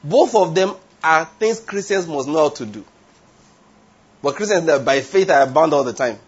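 Husky preacher, lo-fi sound. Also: male voice, fairly high pitch, lively intonation, normal speed. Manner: emphatic, rhetorical questions, wanders into tangents. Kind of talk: sermon. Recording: dull lo-fi sound.

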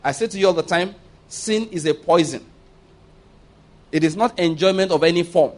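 A man delivering a sermon with a voice that sits on the higher side. He speaks emphatically, pauses to ask for amens and drifts into light laughter as he makes his points. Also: a little mellow. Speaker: preacher.

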